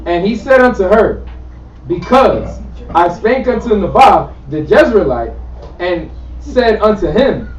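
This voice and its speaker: A man reading scripture aloud in a steady, measured way in a study group, recorded dull and from afar. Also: high-pitched, echoey room, far from the mic, a little hiss or hum. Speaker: scripture reader.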